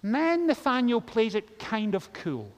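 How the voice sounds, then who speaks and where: A male pastor delivers a sermon with a fairly high voice. He tells the story animatedly and gives the characters voices of their own. His words ring out with the long reverb of a large church. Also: huge pitch swings, a little slow.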